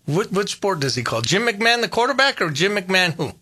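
An older man hosting a radio show in casual chat, telling stories with animated repetition. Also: sits high, fairly quick, breathy edge, no room sound. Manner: animated, storytelling, repeats phrases. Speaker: radio host.

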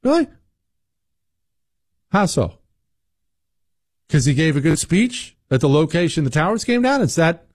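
A man's voice: fairly high pitch, sing-song, a little slow, pauses often, no room sound, studio quality. A man in his forties hosting a talk show, giving sarcastic, emphatic opinion commentary. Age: 40s.

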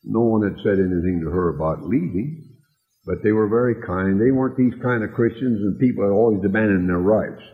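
A man preaching, telling a tender story slowly and dropping soft and low when he quotes people. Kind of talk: sermon storytelling. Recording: tinny lo-fi recording in a long-echo hall.

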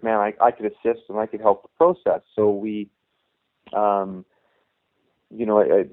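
A middle-aged man, a youth hockey coach, telling a long story in a casual interview, full of restarts and "you know". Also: fairly low pitch. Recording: tinny phone-line sound.

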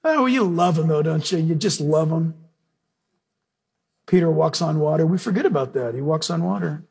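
A man's voice: fairly high pitch, animated, moderate pace, creaky, a little mellow, breathy edge. A man preaching a sermon emphatically, often asking the congregation questions.

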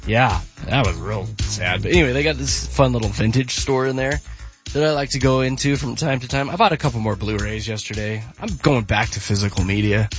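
A man's voice: medium pitch, a little fast. A man hosting a morning radio show, chatting casually and telling stories on air. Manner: chatty storytelling, lively. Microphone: studio mic. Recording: muffled broadcast audio with faint music.

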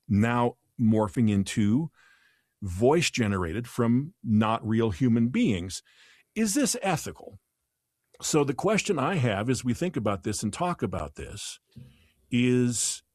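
A man's voice: on the low side, no room sound, studio quality. A man hosting a casual conversational podcast, thinking aloud with frequent restarts. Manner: thoughtful, with restarts. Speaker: podcast host.

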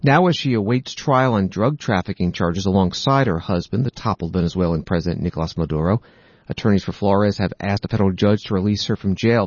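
A low-voiced man reads news reports in an even, matter-of-fact way. His voice sounds close and dry, with no room around it, and the audio is a little dull. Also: no echo. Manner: steady, matter-of-fact delivery. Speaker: news commentator.

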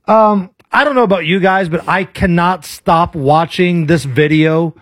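A man's voice: high voice, a little slow, dry recording. A man co-hosting a radio talk show in a studio, joking around and laughing often. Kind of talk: casual morning radio banter.

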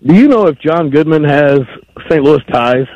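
A man's voice: fairly high pitch, lively intonation, moderate pace, dry recording. A man calling in to a radio show, rambling and pressing the host on a point. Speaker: caller. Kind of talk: phone-in call. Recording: dull lo-fi phone line.

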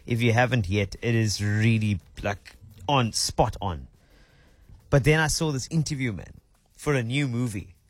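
A man's voice: medium pitch, unhurried, dry recording. A man hosting a casual chat, rambling and restarting his sentences. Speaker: host.

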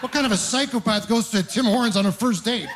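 A young man performs stand-up at a live comedy venue, with audience laughter, telling wry, rambling stories full of self-mocking asides. His very high voice is fairly bright, and he talks fast.

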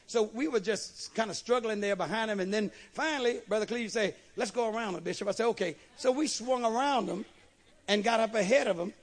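A man, a bishop, preaching a sermon with emphatic delivery and frequent amens. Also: sits high.

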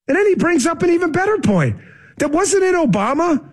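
Man, very high pitch, lively intonation, political talk show host, emphatic rant, fast talker. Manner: emphatic, fast-talking, heated.

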